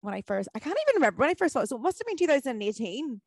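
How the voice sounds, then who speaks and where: A woman's voice: high-pitched, sing-song, very fast, darkish tone, no room sound, studio quality. A woman hosting a podcast, chatting casually, emotional and encouraging, with many fillers. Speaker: podcast host. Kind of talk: casual interview chat.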